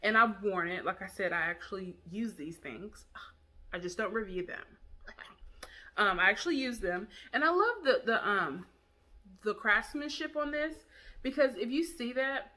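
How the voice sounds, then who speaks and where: Bright, chatty woman reviewing products. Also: medium pitch, lively intonation, measured pace. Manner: chatty and enthusiastic, addresses viewers as y'all. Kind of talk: casual product review vlog.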